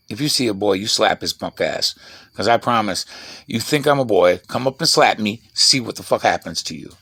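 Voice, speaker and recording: A man talking fast in a rambling, profane, digressive vlog monologue from his half-built shed at night. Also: fairly low pitch, gravelly, fairly bright tone, slightly rough, no room sound. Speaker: vlogger.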